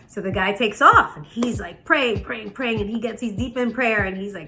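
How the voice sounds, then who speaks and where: A woman hosting a motivational spiritual talk, telling stories in an animated way and often asking "right?". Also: mid-range voice, brisk, music in the background. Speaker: host.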